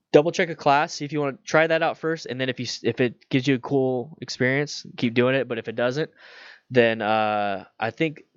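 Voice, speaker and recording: A man's voice: mid-range voice, fairly bright tone, clear, resonant tone, dry recording. Man, streamer, casual chat, slightly muffled, dry sound. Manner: chatty, loose, reads viewer questions aloud. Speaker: motorcycle channel host. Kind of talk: casual livestream Q&A.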